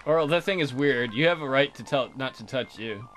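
A man's voice: medium pitch, animated, a little fast, music in the background. A man hosting a let's play, chatting casually and joking crudely about his game characters.

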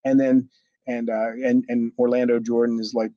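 A man's voice: medium pitch, level tone, normal speed, mellow, no room sound, lo-fi sound. A man, a former wrestler, telling a long backstage story in a rambling way with many restarts. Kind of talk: storytelling interview.

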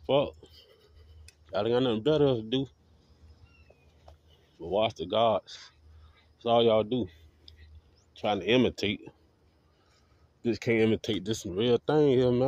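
Male vlogger, mid-pitched, confrontational profane monologue, muffled lo-fi sound. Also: normal speed, long pauses, a little mellow, no echo. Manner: confrontational, repetitive, heavy swearing. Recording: dull lo-fi audio.

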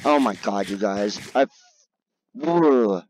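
A man giving casual let's-play commentary, grumbling and yelping high when cornered. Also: expressive, slow, a little mellow, a little hiss or hum. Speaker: gaming video creator.

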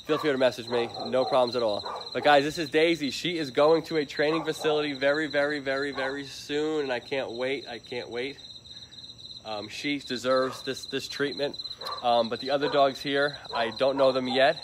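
A man from Florida chats casually on a live stream outdoors at an animal shelter at night, advocating for the animals. His mid-range voice holds a steady tone at normal speed, upbeat and repetitive, with crickets and barking dogs in the background noise.

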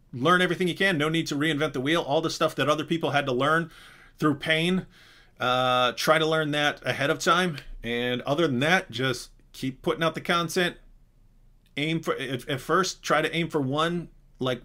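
A man's voice: fairly high pitch, bright, forceful tone. A man hosting a live question-and-answer stream, talking casually and animatedly with frequent asides and restarts. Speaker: host.

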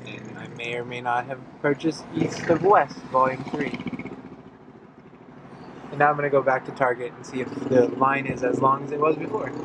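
A man's voice: mid-range voice, steady tone, normal speed. A man with a stuffy nose from allergies, chatting casually while he vlogs from his car and around town. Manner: rambling, offhand. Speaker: vlogger. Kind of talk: casual vlog chat. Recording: street and traffic noise. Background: traffic and city ambience.

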